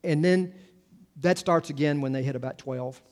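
A male pastor delivers a sermon in a casual, talky way. He often backtracks and restarts his sentences. His voice sits a little on the high side. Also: moderate pace, darkish tone. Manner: conversational, full of restarts and asides.

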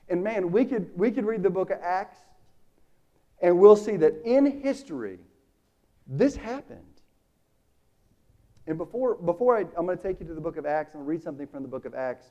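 A man preaching a sermon, casual and animated, acting out the dialogue in the story. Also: high-pitched, moderate pace, pauses often, muffled recording.

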